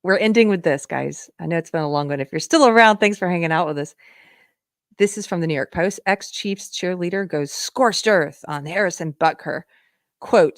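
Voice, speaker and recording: Low-voiced woman hosting a livestream. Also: normal speed, no room sound, clean studio sound. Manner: chatty, laughs often, talks to viewers. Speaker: livestream host. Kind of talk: casual livestream commentary.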